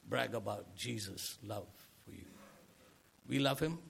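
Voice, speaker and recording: A man's voice: medium pitch, animated, a little slow, gravelly, sharp tone, slight background noise. A man preaching a sermon in an earnest way, asking rhetorical questions and swelling into emphasis.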